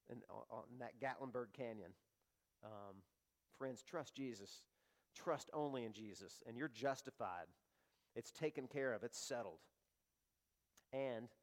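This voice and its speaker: A pastor, preaching an impassioned sermon and acting out the voices he quotes. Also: medium pitch.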